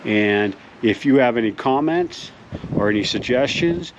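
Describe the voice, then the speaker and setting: A man hosting a mock-serious tutorial outdoors, explaining things deadpan as if to kids. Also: medium pitch, a little slow, noisy background. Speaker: host. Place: outdoors in a front yard by a mailbox.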